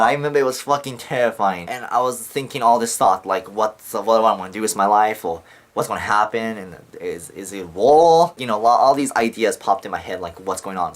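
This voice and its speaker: Young man rambling with heavy swearing. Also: on the low side. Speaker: vlogger. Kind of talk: casual storytelling to camera.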